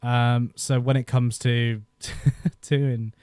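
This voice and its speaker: A man in his thirties hosts a casual live stream, rambling through old memories with frequent laughter. His voice is mellow and dark-toned, and the recording sounds dry and close. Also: medium pitch, level tone, very slow, clear, resonant tone, dry recording. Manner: rambling, nostalgic, laughs often. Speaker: YouTube host. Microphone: desk microphone.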